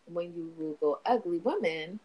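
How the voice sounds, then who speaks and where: A woman chatting casually in a somewhat low voice, candid and profane, laughing often. The recording is plain. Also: animated, normal speed, mellow, breathy edge, low-quality recording. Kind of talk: casual chat.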